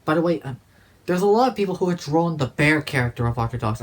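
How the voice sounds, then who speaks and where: A man's voice: fairly high pitch, animated, quick pace. A man talking casually to camera about his disc collection in a rambling, profane way. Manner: profane, rambling, restarts often. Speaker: DVD collector vlogger.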